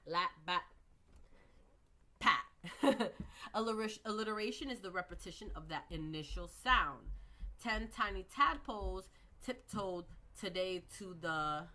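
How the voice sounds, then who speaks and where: A woman teaching early reading skills, slowly modelling words and sounds with patient explanations. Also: fairly low pitch, bright, forceful tone. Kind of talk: instructional lecture.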